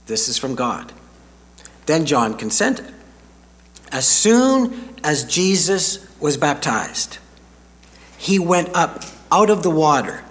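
An older man preaching a sermon as a pastor, slow and deliberate with dramatic pauses, speaking in a church sanctuary. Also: fairly high pitch, big pitch swings, fairly bright tone. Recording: reverberant hall.

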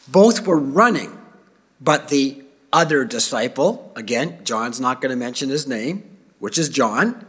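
A man giving a sermon, reading scripture aloud with feeling and dropping to quiet asides. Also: fairly high pitch, slightly rough. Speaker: preacher.

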